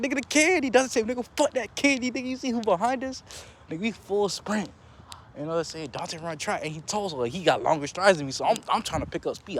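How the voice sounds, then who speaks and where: A young man telling a casual story in a slangy, animated way, jumping into higher voices for quotes. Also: a little hiss or hum.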